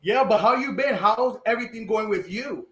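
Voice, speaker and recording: A man's voice: high voice, normal speed, a bit bright, echoey room. A man hosting a podcast, upbeat and playful as he talks with his co-host and guest. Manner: upbeat, playful, hyping the show. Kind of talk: casual chat.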